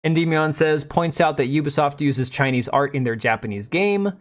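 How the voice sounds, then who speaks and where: A man's voice: on the high side, normal speed. A man in his forties hosting a casual live stream, joking sarcastically and answering chat.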